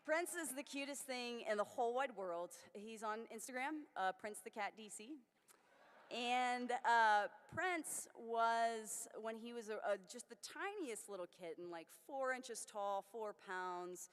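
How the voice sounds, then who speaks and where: Female keynote speaker, earnest and personal, a bit high-pitched, miked in a big reverberant conference hall. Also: animated, unhurried, smooth. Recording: long reverb of a large hall.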